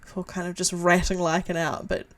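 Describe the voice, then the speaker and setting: A woman player narrating her character's actions quickly and animatedly in a tabletop game. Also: on the low side, level tone.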